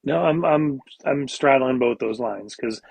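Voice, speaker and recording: A man's voice: medium pitch, measured pace, gravelly, a little mellow, breathy edge, no echo. A man who is a regular on a movie podcast, talking animatedly, swearing and restarting his sentences. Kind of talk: casual movie review chat.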